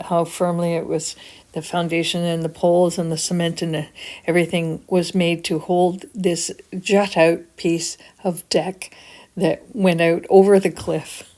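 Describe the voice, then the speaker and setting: A woman's voice: lowish voice, a little mellow. Earnest older woman narrating her vlog. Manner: earnest, encouraging, motivational. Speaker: vlogger.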